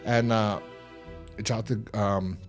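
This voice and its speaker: A man co-hosting a podcast, casually recapping a horror episode with lots of restarts and sudden loud mock voices. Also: on the low side, steady tone, slow, faint music behind. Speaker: podcast co-host.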